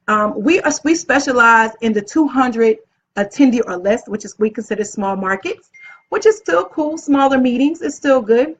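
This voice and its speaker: A woman hosting a casual live video as an event planner, upbeat and chatty, often gushing about how excited she is. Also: sits high, moderate pace, breathy edge. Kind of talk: casual live-stream talk. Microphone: phone or webcam live stream. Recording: dull lo-fi live-stream audio.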